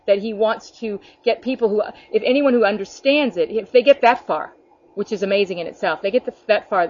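Woman preacher, mid-pitched, earnest and chatty, on a dull lo-fi online feed. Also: a little mellow. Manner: earnest and conversational, with many restarts and acted-out quotes. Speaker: preacher leading an online ministry group. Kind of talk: informal spoken sermon.

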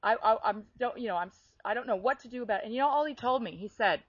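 A woman telling a personal faith story in animated, conversational storytelling, laughing now and then. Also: a little high, fast talker, breathy edge, no echo, highs cut off. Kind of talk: faith testimony chat.

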